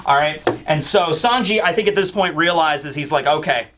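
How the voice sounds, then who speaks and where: A man's voice: fairly high pitch, moderate pace, background noise. A man casually retelling a manga chapter, rambling and full of fillers. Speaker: manga reviewer, channel host. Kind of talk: casual recap commentary.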